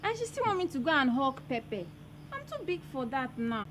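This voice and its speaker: A Nigerian young woman with a lively, high voice soothes and pleads patiently, as a woman acts her. Background noise sits clearly behind her. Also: moderate pace. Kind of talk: amateur skit acting.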